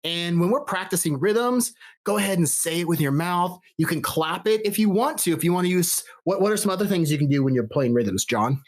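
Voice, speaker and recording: A man's voice: sits high, expressive, brisk. A man teaching a recorded music lesson for children, encouraging and counting rhythms aloud with a metronome. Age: adult, father of a young child.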